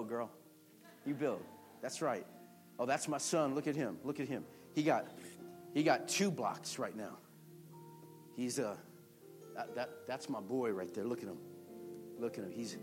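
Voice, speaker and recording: A man voicing God as a proud, doting parent who fondly cheers on a believer in a hushed tone. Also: mid-range voice, voice pushed down, lightly acted.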